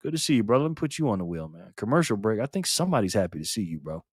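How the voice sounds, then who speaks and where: An older man hosting a casual live stream, greeting viewers by name, loud and cheerful one moment and low and quiet the next. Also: big pitch swings, racing, husky, dry recording, clean studio sound.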